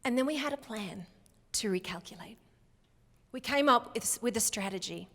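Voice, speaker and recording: A middle-aged woman giving a motivational keynote talk in a large hall, speaking slowly and emphatically with clear enunciation. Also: a little high, lively intonation, a bit bright. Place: large hall before a live audience. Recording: long hall reverb.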